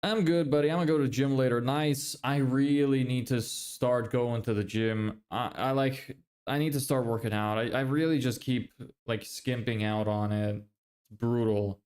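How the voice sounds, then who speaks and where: A man's voice: medium pitch, steady tone, moderate pace, a little mellow. Chatty young man streaming. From Ireland. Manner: loose and chatty, swears, laughs often. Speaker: livestreamer and agency owner. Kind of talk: casual livestream chat reading viewer messages.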